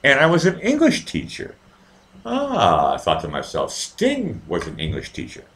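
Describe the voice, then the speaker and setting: A man's voice: mid-range voice, wildly swooping pitch, normal speed, a bit bright. A man hosting a live show, telling a story in a rambling, profane, casual way with many restarts.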